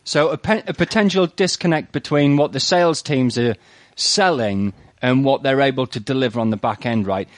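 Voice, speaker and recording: A man hosting a casual tech news podcast, running through headlines in a brisk, joking way and tagging "right?" onto his lines. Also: medium pitch, no room sound, clean studio sound. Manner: brisk, jokey, keeps adding "right?". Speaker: podcast host.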